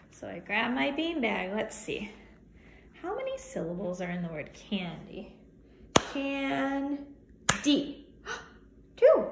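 A woman teaching young children to count syllables. She is cheerful and encouraging, and she stretches words out slowly as she counts their syllables, recorded on a phone she holds in her hand. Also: medium pitch, vocal fry, pushed and bright, slight background noise. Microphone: phone held in hand. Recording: echoey room with faint ambience.

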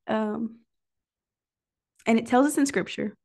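A woman hosting a prayer livestream, preaching in an emotional, near-tearful way and pausing often to listen. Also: mid-range voice, steady tone, a little mellow. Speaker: host of a prayer call livestream. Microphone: livestream microphone.

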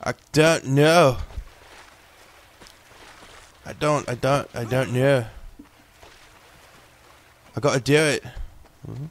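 A man commenting casually on his gameplay, slipping into hammy pirate and Viking threats and yelling at the game. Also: mid-range voice, steady tone, takes it slowly, pauses often. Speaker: gaming video host.

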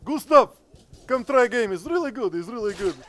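A man's voice: extremely high pitch, fairly quick, voice pushed up. A man putting on a Siberian gamer with broken English. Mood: boastful. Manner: broken English, swearing, excitable. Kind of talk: comedic gaming character bit.

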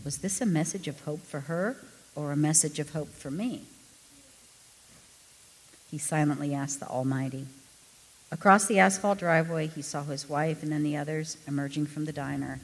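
A woman reading a true story aloud to a congregation, with expressive storytelling. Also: sits low, normal speed. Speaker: pastor's wife reading a story. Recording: echoey hall.

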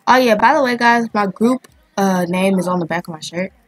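A woman giving casual, excitable commentary as she plays a video game, chatting and thinking aloud as she goes. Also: mid-range voice, brisk, no echo. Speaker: gaming channel host.

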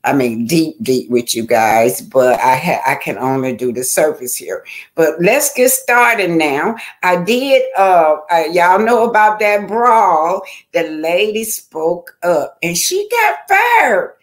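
An older woman chats on her livestream in a loose, rambling style, calling out viewers by name as she goes. Her voice sits on the low side for a woman. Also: slow. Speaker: YouTube livestream host. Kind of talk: casual livestream chat.

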